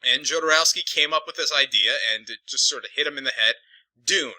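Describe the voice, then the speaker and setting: A man's voice: medium pitch, fairly quick, bright, forceful tone, dry recording, rough recording. A man reviewing films in a casual, digressive, profane ramble. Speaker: film reviewer.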